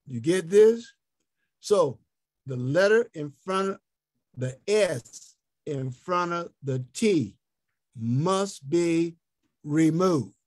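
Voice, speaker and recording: A man leads an online health teaching session, slightly high-pitched and unhurried, repeating his points and spelling words out letter by letter. The sound is close and dry, with no room around it. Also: animated, darkish tone, no echo. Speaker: health ministry speaker. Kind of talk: interactive online teaching talk. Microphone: online call.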